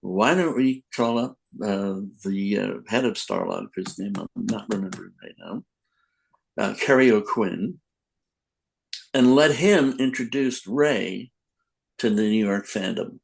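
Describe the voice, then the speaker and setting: A man's voice: lowish voice, measured pace, vocal fry, husky, poor audio. An older man, a comic book editor, telling rambling anecdotes in a casual podcast interview, acting out quotes.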